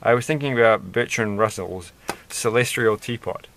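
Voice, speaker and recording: Low-voiced man, casual build vlog, rambling self-amused chatter. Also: normal speed, vocal fry, background noise. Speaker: Lego builder vlogger.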